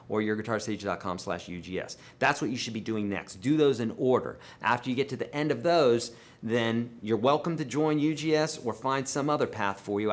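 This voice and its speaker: A man of ordinary pitch takes viewer questions on a live guitar stream. He talks casually and emphatically, pushing some lines out loud and dropping others low. He calls his viewers friends and folks. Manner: animated and emphatic, with sudden swings in loudness and pitch. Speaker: guitar teacher hosting a live Q&A.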